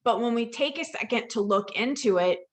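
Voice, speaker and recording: A woman's voice: a little high, a little fast. A woman who works in dementia care, telling a story to a virtual audience over a video call and acting out the dialogue. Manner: lively storytelling that acts out quoted dialogue. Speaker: dementia care professional and presenter. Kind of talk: storytelling presentation.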